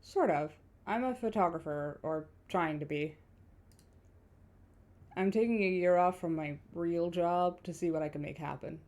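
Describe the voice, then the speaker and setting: A woman's voice: lowish voice, unhurried, a little mellow, natural voice. A woman voicing a friendly, easygoing adult male photographer in a video game, asking curious questions in a lightly raised voice.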